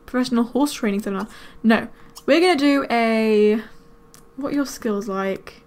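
A woman giving casual let's-play commentary, chatting to her game characters with quick excited exclamations. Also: fairly high pitch. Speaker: gaming video creator.

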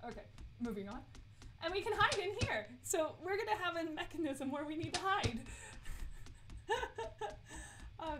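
A woman's voice: high-pitched, background noise. A woman streaming a horror game, chatty and giggly as she talks to herself and her chat. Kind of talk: live let's play commentary.

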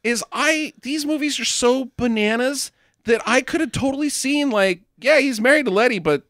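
A man co-hosting a podcast, recapping a movie plot with excited disbelief and casual swearing. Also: extremely high pitch, normal speed, no echo, studio quality. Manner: excitable, incredulous, swears freely. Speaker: podcast co-host.

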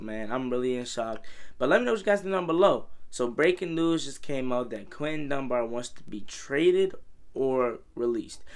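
Talking football casually on his vlog, a young man sounds exasperated and rambles on, throwing in "bro" and "man" all the time. He has a smooth, medium-pitched voice.

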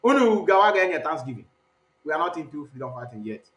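A man's voice: fairly high pitch, big pitch swings, fast talker, fairly bright tone, roomy sound. A man hosting the show, mocking the clips he plays and switching between Igbo and English. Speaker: host. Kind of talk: commentary on played clips.

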